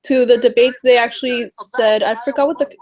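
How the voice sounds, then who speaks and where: A woman's voice: a little high, fairly quick, low-quality recording. A woman talking casually to camera about politics, nervous and exasperated, full of "um" and "you know". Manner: nervous, exasperated and animated, mocking others in quotes; heavy use of fillers like "um" and "you know". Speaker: political vlogger.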